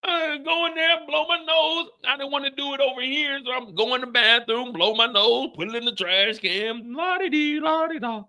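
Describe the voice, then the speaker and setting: A tired-sounding man streams a casual chat to his viewers, recapping a show with swearing, repetitive storytelling, and exaggerated comic exasperation. His extremely high-pitched voice has a sharp tone, and he speaks at a moderate pace with hardly any pauses.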